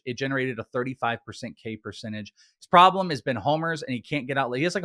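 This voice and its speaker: A man co-hosting a fantasy baseball chat, reeling off stats in a quick, animated way. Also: medium pitch, no echo, clean studio sound. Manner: stat-heavy, quick and animated. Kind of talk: casual analytical chat.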